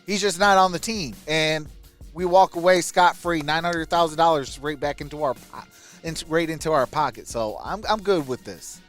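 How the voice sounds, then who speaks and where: Man, somewhat high voice, casual sports commentary, enthusiastic fan host, chatty asides, faint music behind. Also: moderate pace.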